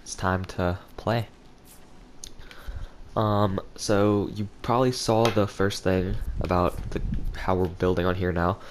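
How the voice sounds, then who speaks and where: A man's voice: low voice, fairly even intonation, slow pace, noisy background. A young man with a cold and a stuffy nose, casually commentating a video game as he plays and thinks aloud. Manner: rambling, thinking aloud while playing. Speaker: gaming channel host.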